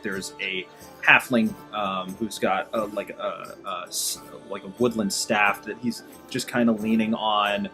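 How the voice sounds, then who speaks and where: A man narrating as game master of a tabletop game, in a halting, rambling way. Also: on the low side. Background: guitar music.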